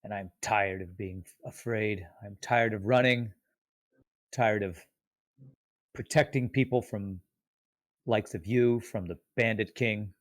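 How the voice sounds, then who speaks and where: A man voicing Rev, a weary adult male fighter who is tired of fear, speaking with low, earnest intensity. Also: slow, pauses often, no room sound. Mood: weary, resolute.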